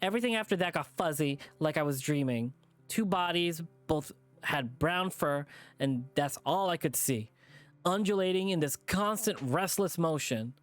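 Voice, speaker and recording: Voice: mid-range voice, lively intonation, lightly acted. A visual novel streamer voicing a frightened young male lynx who stammers and breaks down while recalling a trauma. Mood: haunted. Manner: shaky, halting, breaking into sobs.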